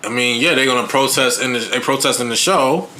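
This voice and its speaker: Bright-voiced man in casual podcast chat. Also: mid-range voice, brisk. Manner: animated, does goofy put-on accents. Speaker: podcast co-host.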